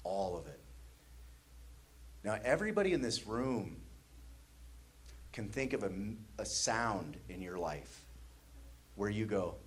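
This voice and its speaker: A man's voice: fairly low pitch, very animated, takes it slowly, long pauses. A man from the American Midwest doing stand-up comedy, telling a story with laughter and sound effects on a comedy stage.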